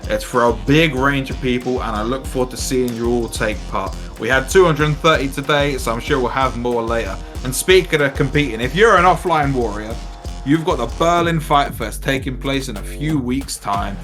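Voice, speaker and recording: A man calling a live fighting-game stream, his voice mid-pitched and crisply bright. He chats and jokes between announcements, breaking into loud exclamations, with soft music underneath. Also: moderate pace. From England. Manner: chatty, jokey, exclamatory bursts. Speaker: esports commentator. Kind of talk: live esports commentary.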